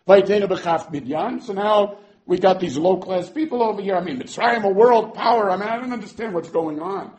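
A man teaching a scripture class in an animated way, repeating words as he goes and weaving in Hebrew terms. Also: sits high, fairly quick. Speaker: Torah teacher.

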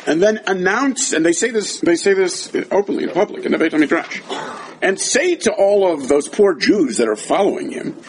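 Animated man teaching a Talmud class. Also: high-pitched, normal speed, slight background noise. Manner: acts out the quoted dialogue with a changing voice; mixes Hebrew and Aramaic terms into English.

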